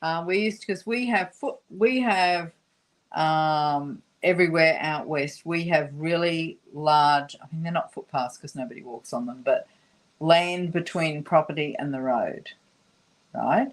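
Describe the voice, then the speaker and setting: Lower-voiced Australian woman host. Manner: relaxed, halting, laughs often. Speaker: host of a craft class. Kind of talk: casual chat in a live craft class.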